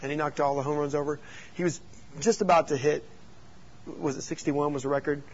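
A man, a youth pastor, teaching youth leaders through animated, joking stories and rhetorical questions. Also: fairly high pitch, fairly quick, breathy edge, highs cut off.

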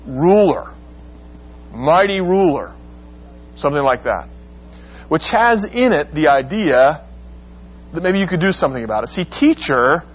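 A husky-voiced man teaches an interactive Bible class, quizzing his students and performing quotes with a rising, dramatic pitch. The audio is dull and lo-fi, carrying a faint hum.

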